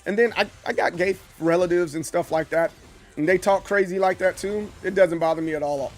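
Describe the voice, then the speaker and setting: Talking casually with his stream audience, a Southern US man gets animated, trips over restarts, and performs the voices of anyone he quotes. He has a high voice and speaks fairly quickly.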